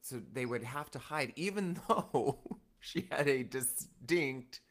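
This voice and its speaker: A man co-hosting a podcast in casual chat, animated and quick with laughs and asides. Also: mid-range voice. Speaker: podcast co-host.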